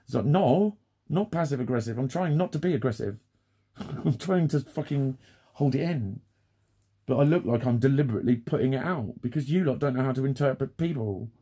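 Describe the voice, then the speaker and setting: A man's voice: medium pitch, mellow, slightly rough. A man vlogging, swearing constantly and often laughing through an exasperated rant. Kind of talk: unscripted ranting monologue.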